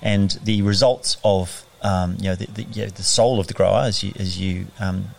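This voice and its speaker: In a conversational interview, an Australian man in middle age who left cheffing for farming reflects on things, frequently restarting and using fillers. He speaks at normal speed in a low voice with fairly even intonation and vocal fry.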